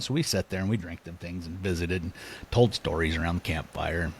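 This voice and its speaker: A man, a podcast guest, telling a story in a casual, animated way, laughing often and acting out what people said. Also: low-pitched, brisk, breathy edge. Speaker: podcast guest, elk hunter.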